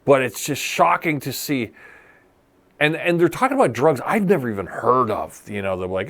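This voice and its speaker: A man's voice: mid-range voice, moderate pace, vocal fry, fairly bright tone. A man co-hosting a podcast, chatting casually in a rambling, profane way. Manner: rambling, profane, repeats himself. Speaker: podcast co-host. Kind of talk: casual banter.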